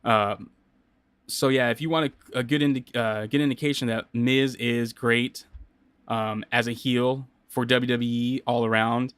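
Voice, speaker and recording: A man's voice: mid-range voice, fairly even intonation, unhurried, fairly bright tone, smooth, dry recording. Rambling man hosting a solo podcast. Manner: rambling, many fillers and restarts. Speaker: podcast host. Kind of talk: casual solo podcast talk. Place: home studio.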